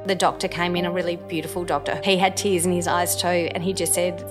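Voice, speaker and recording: Low-voiced woman recalling a painful memory. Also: flat delivery, a little fast, music in the background. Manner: hesitant, with frequent ums and restarts. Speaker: personal storyteller. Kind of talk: emotional first-person recollection.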